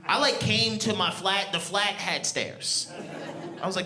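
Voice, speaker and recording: Animated man doing stand-up before a crowd. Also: high-pitched, moderate pace. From New York. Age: 30s. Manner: loose, slangy storytelling with laughing asides. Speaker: stand-up comedian. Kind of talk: stand-up comedy set. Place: comedy club with live audience. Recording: loud crowd in a club.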